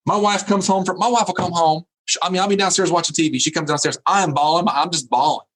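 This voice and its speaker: A man's voice: a little high, steady tone, quick pace, a bit bright. A man giving a motivational keynote by remote video call, preachy and emphatic, repeating his phrases. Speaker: keynote speaker.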